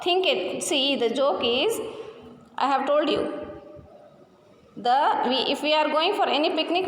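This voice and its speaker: A woman teacher explains a lesson, her voice sitting high. She speaks unhurriedly and repeats each word slowly to drill its stress. The sound is roomy, with a long echo and a faint hum behind it. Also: fairly bright tone. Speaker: English teacher. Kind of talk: classroom lesson explaining pronunciation and vocabulary. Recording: echoey room with long reverb, faint hum.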